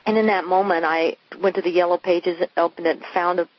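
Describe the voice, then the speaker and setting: A woman's voice: fairly low pitch, flat delivery, a little fast. A woman, a coach, telling her personal story candidly and earnestly, acting out the dialogue of the past. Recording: muffled lo-fi recording.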